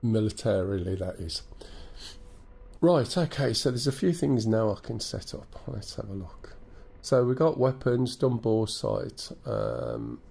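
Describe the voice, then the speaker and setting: A man's voice: on the low side, gravelly, darkish tone, husky. A man with an English accent and a stuffy nose from a cold, chatting through a live flight-sim stream, thinking aloud and greeting viewers. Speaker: game streamer.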